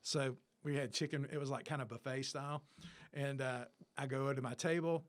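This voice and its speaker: A man's voice: mid-range voice, steady tone, moderate pace. A middle-aged man, telling a long industry anecdote as an interview guest, full of fillers and acted-out dialogue. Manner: rambling, filler-heavy, acts out dialogue. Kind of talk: casual anecdotal storytelling.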